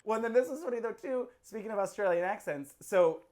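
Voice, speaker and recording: A woman's voice: medium pitch, lively intonation, fast talker, darkish tone, slight background noise. A woman co-hosting a casual podcast recap, giving her opinions in a chatty, agreeable way. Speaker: podcast co-host. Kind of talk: casual chat.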